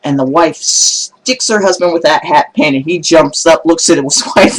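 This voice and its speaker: A man telling religious jokes in a casual video blog, animated and laughing at his own punchlines. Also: fairly high pitch, normal speed, hardly any pauses, rough recording.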